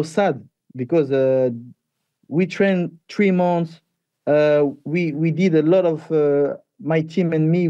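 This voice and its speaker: Guy, fighter, english, kinda highish mellow voice, halting and repeating himself, dull dry audio. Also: no echo. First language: French. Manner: halting, repeats words, animated when retelling. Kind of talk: interview answers.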